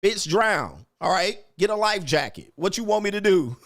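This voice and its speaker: A man's voice: sits high, big pitch swings, moderate pace, a bit bright, no room sound, clean studio sound. Brash, profane man ranting on a livestream. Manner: brash, profane, taunting, laughs at commenters. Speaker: livestream host reading chat.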